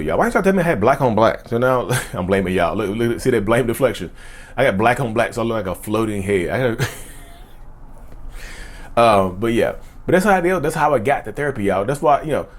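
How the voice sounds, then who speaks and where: A man, talking to camera in an earnest, preachy way and repeating lines for emphasis. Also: medium pitch. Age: 30s. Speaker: mental health video creator. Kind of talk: casual talking-to-camera monologue.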